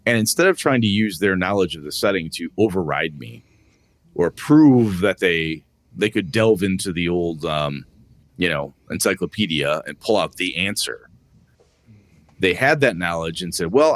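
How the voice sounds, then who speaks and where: A man's voice: deep voice, dry recording. A man hosting a talk show, casually telling tabletop game stories and acting out his friends' lines. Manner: animated, acts out friends' lines in quick voices; loose, rambling with fillers and asides. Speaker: podcast host and game master. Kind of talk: casual storytelling about tabletop games.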